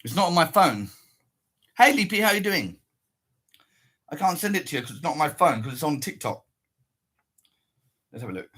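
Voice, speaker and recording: A man's voice: a little high, very animated, normal speed, long pauses, bright, forceful tone, breathy edge. A man chatting casually with viewers on a livestream, rambling and swearing as he potters about. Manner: rambling and profane, mutters to himself.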